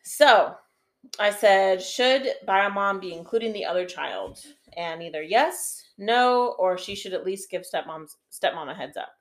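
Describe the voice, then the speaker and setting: A woman co-hosting a relaxed podcast chat, with a voice of middling pitch. She talks in an easy, chatty way and reads listener posts aloud to her co-host. The talk stays informal throughout. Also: measured pace. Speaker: co-host, stepmom.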